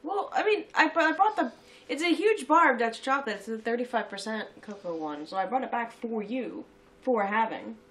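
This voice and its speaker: A woman chatting casually as co-host of a sweets-tasting video, talkative and quick to laugh. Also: on the high side, animated, a bit bright. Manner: chatty and giggly, reads labels aloud. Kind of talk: casual chat.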